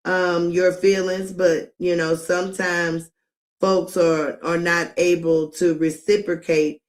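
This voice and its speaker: A woman's voice: on the low side, little pitch movement. A middle-aged woman hosting a live commentary stream, talking emphatically and drawing out words, with frequent laughs. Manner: emphatic, drawn-out, laughs often.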